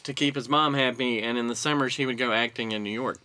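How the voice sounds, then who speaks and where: A man recounting a story in an easygoing, conversational way. His voice sounds bright and forward, and he clears his throat now and then as he goes. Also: medium pitch, fairly even intonation, quick pace. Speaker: podcast co-host telling a story. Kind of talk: casual chat.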